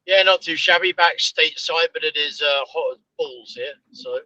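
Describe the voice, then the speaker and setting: A man chatting in a relaxed, jokey way with a fan show over a call. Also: on the high side, normal speed, no echo, far from the mic, dull audio. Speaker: panel guest. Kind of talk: casual chat over a call.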